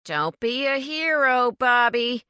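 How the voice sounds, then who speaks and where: Woman doing a male crook, curt, emotionless, menacing, slow-spoken, bright-toned. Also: fairly high pitch, animated, smooth, dry recording, clean studio sound. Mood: threatening. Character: gruff male criminal, cold and threatening.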